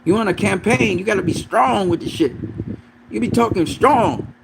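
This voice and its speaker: A man rants about boxing in a loose, profane, emphatic way, his pitch leaping up and down. His voice sits a little high with a gravelly edge. Steady noise hums behind him. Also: normal speed. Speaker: boxing commentator. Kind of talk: casual ranting commentary.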